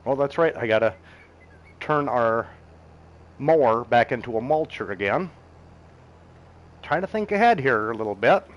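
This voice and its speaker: A man's voice: mid-range voice, expressive, moderate pace, pauses often, dull audio. Easygoing middle-aged man narrating his gameplay. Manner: chatty, easygoing, chuckles often, talks to himself as he plays. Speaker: game streamer. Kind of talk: casual gameplay commentary while reading chat.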